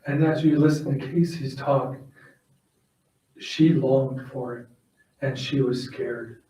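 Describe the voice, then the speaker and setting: At a funeral service in a funeral home chapel, a man delivers a heartfelt eulogy, sharing plain personal stories and leading a prayer. His medium-pitched voice is dark, slow and fairly even, recorded from far off in an echoey room.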